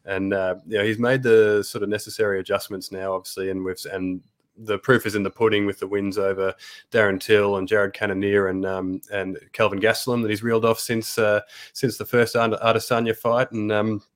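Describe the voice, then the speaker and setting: A man hosting a casual fight-news podcast, talking in halting bursts with many restarts. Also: on the low side, little pitch movement. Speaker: podcast host.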